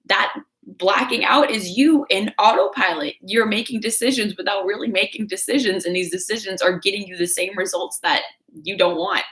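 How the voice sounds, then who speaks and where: A woman's voice: medium pitch, moderate pace, fairly bright tone. A woman giving casual motivational talk on a livestream, chatty and coaching, reading out viewer comments. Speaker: fitness creator.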